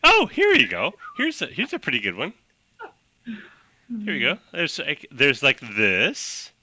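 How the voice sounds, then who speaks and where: A man running a tabletop game as game master, narrating in an animated, loose way. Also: a little high, a little slow, slightly rough, no room sound. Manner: animated, loose, full of fillers.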